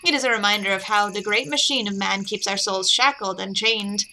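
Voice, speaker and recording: A woman's voice: medium pitch, steady tone, brisk, bright, forceful tone, a little hiss or hum, low-quality recording. A woman voicing a devout adult male cult follower who speaks in a solemn, preaching cadence in a video game.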